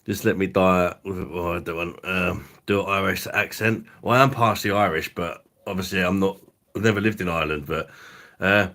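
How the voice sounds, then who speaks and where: A young man hosts a live stream, crude and jokey and quick to laugh. His voice sits a little low, and he chats loosely with his viewers. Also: steady tone, bright, forceful tone. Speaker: livestream host. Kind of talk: casual live stream chat.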